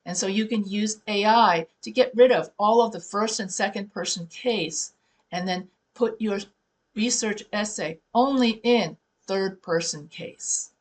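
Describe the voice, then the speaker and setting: A writing professor with a medium-pitched voice and measured pace walks her students through tips in classroom teaching talk. She speaks conversationally, restarting and correcting herself as she goes.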